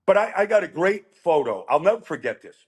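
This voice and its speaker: A middle-aged man telling animated, rambling stories as a guest on a chat show. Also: fairly high pitch, fairly quick, husky. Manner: animated, rambling with restarts and quoted voices. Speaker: guest storyteller. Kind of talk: casual storytelling chat.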